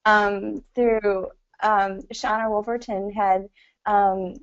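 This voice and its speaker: A woman's voice: medium pitch, flat delivery, slow pace, lo-fi sound. A woman talking as a podcast guest in a casual, rambling way, with frequent "you know" fillers and easy laughter. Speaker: interview guest. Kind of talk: casual conversational interview.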